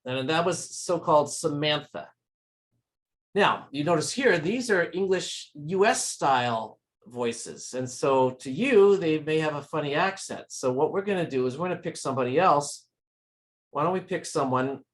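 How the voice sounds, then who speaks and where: Give me a man presenting a live tech demo, friendly and explaining each step. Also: on the high side. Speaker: guest presenter at a user group meeting.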